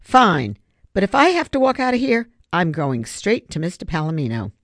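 Narrator putting on a cocky bully kid, teasing and smug, gravelly lively voice. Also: mid-range voice, normal speed, dry recording, clean studio sound, pitched above the performer's own voice. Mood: mocking. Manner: cheerful, mocking. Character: boastful bullying schoolboy, big mouth. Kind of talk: audiobook character voice.

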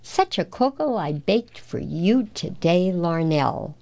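A woman's voice: on the low side, expressive, slow pace, mellow. A woman putting on a tender old widow. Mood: gentle. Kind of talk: storybook read-aloud.

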